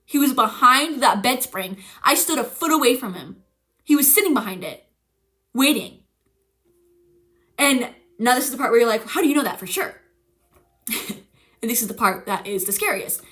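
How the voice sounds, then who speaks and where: A young woman streamer telling a story in casual chat, animated and profane, acting out the voices of the people she quotes. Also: a little high, normal speed, long pauses.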